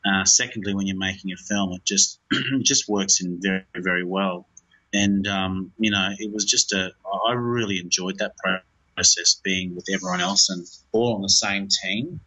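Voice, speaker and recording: A man's voice: sits low, fairly even intonation, normal speed, sharp tone, breathy edge, muffled recording. A man, a film director, talking in an interview in a rambling way, with many fillers and restarts.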